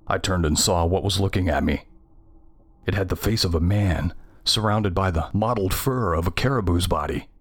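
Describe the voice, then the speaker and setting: A man reading a scripted first-person horror story in a measured, tense way. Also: low-pitched. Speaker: narrator.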